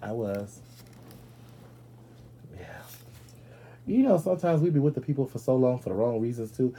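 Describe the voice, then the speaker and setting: A man hosting a podcast in a casual comedic monologue. He is brash and profane, talks straight to his listeners, and jumps into loud, high-pitched outbursts. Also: animated, normal speed, long pauses, slightly rough. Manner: addresses listeners directly. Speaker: podcast host.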